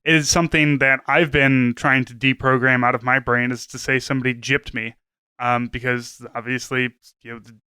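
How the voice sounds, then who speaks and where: A man's voice: mid-range voice, little pitch movement, moderate pace, sharp tone, clear, resonant tone, no echo. A man co-hosting a podcast, talking in an earnest, rambling way full of fillers. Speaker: podcast co-host. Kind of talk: casual podcast chat.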